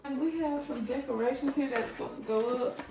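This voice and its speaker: A woman's voice: high voice, fairly quick, vocal fry, background noise. A woman giving a casual, chatty home decor tour, pointing out items as she walks from room to room. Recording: echoey room.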